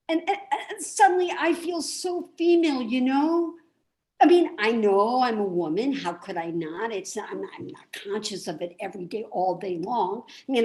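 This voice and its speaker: A fretful, rambling woman voiced by an actress tumbles through a confessional stage monologue over a video call. She trips over her words and restarts her sentences again and again, in a fairly high voice. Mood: indignant. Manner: nervous, self-deprecating, halting restarts. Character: anxious rambling woman venting about her weight. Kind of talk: theatrical monologue.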